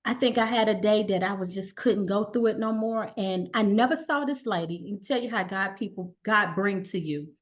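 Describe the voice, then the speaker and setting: A middle-aged woman guest telling her story in a relaxed conversational way, acting out the voices of the people she quotes. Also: mid-range voice, normal speed, few pauses. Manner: animated, acts out quoted dialogue.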